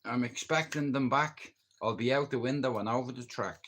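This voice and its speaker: A man's voice: mid-range voice, moderate pace, few pauses, a bit bright, slight background noise. A middle-aged Irish man rambling bluntly in a casual live-stream chat, swearing freely and speaking openly about his feelings. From Ireland. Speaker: livestreamer.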